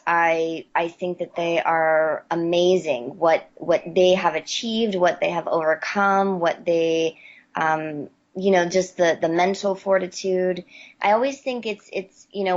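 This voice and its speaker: A low-pitched woman from West Virginia speaks in a relaxed interview, stumbling and repeating words as she collects her thoughts. The audio sounds dull and lo-fi. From West Virginia, USA. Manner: hesitant, repeats words while thinking, laughs easily. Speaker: interview guest, athlete. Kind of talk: casual interview answers.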